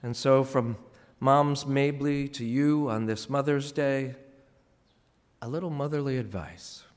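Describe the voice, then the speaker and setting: A man giving a scripted tribute commentary, telling stories in a wry, measured way. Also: medium pitch, a little mellow, long reverb tail.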